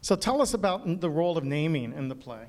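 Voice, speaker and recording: A man interviewing a playwright, asking clear, prepared questions. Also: fairly high pitch, sing-song, fairly quick, darkish tone.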